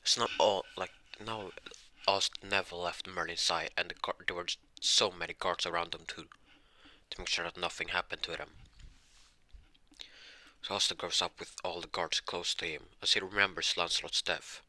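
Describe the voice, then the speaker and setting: Low-voiced guy making up a fan story as he goes, lots of restarts, bright edgy tone, dry sound. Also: fairly even intonation, dry recording. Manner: halting, many restarts and self-corrections. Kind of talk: improvised fan-fiction narration.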